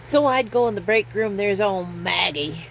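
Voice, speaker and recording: A woman's voice: medium pitch, normal speed, a little hiss or hum, poor audio. A woman in her fifties telling rambling personal stories in a casual vlog, self-deprecating and laughing often. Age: 50s. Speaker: vlogger.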